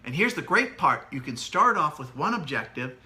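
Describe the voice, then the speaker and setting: A middle-aged man co-hosting a casual parenting chat, animated and demonstrative as he explains. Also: fairly high pitch, moderate pace. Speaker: co-host, parent.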